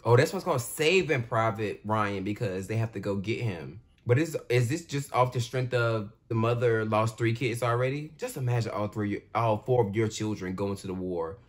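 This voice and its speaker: A man giving casual, expressive commentary as he reacts out loud to a war movie. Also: lowish voice, normal speed, hardly any pauses, faint music behind. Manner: expressive, talks back at the screen. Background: war film soundtrack playing.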